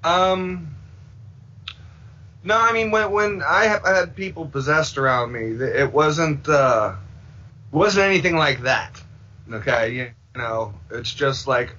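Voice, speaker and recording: A man's voice: fairly high pitch, takes it slowly, sharp tone. A man guesting on a podcast, rambling casually and acting out the voices he quotes. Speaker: filmmaker guest. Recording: dull lo-fi sound.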